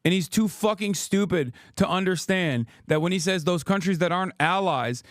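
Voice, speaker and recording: A man's voice: high-pitched, moderate pace, few pauses, fairly bright tone, dry recording, studio quality. A man in his thirties streaming an angry, profane political rant, full of sarcastic rhetorical questions. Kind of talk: ranting livestream commentary.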